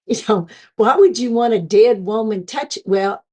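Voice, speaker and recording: Middle-aged woman, mellow tone, earnest testimony, acts out her own past thoughts. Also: mid-range voice, a little slow. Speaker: near-death experience guest. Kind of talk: personal testimony.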